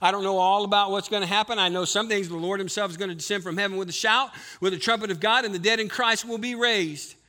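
A man preaching a sermon in church, building to loud passionate declarations and dropping low to explain. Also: fairly even intonation, fast, few pauses. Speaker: pastor. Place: church sanctuary.

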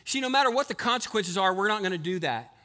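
Guy preaching in a church, high bright voice, gets loud and fired up then drops down low. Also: animated, fast. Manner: impassioned preaching, rising loud on key lines, dropping low to explain. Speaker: pastor. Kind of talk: sermon. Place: church sanctuary.

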